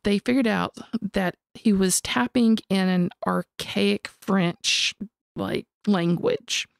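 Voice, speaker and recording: Gravelly-voiced woman telling ghost stories. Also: mid-range voice, takes it slowly, dry recording, studio quality. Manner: animated storyteller, swears casually. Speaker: podcast co-host. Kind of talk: casual storytelling chat.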